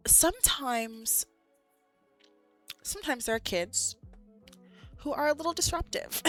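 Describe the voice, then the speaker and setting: A young woman streams from her desk, venting animatedly about her classroom with an exasperated edge. Her voice is bright and fairly high, with soft music playing behind her. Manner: animated, exasperated ranting with laughs. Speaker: art teacher and streamer. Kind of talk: casual livestream chat.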